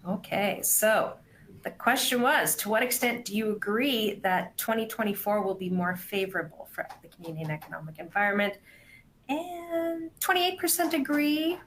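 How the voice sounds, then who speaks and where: A webinar host with a medium-pitched, fairly bright voice runs a business webinar at a moderate pace. She's chatty and upbeat as she reads poll questions aloud and introduces a guest. The recording is rough, with slight background noise.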